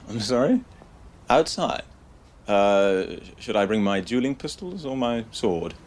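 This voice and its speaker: An actor playing a smug, charming cad who talks in a sarcastic, mocking way. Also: male voice, lowish voice, big pitch swings, slow pace, a little mellow.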